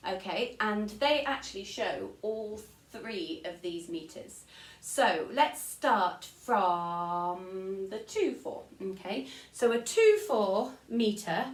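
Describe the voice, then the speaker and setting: A woman's voice: medium pitch, expressive, slow pace, recorded from a distance. A woman with an English accent teaching an online music lesson to children, counting beats aloud and singing short rhymes. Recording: echoey room, voice off-mic.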